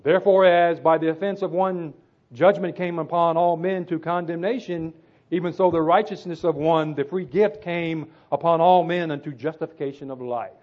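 Emphatic high-voiced male preacher, tinny sound. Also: steady tone, moderate pace. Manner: emphatic, repeats phrases for stress. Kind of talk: sermon with scripture reading.

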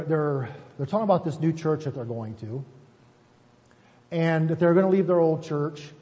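A man's voice: on the high side, dark tone. A man preaching a conversational sermon as a pastor, folksy and self-deprecating, often checking in with "right?". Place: church sanctuary. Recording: muffled, echoey church hall recording.

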